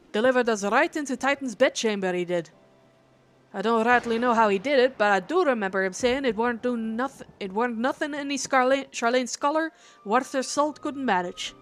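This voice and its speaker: A brash, cheery male adventurer booms out in a put-on Scottish accent, as a woman reads him aloud. The voice is pitched high and slangy. Faint game music plays behind. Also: normal speed, natural voice. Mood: hearty. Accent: attempted Scottish. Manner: loud, folksy, slangy banter.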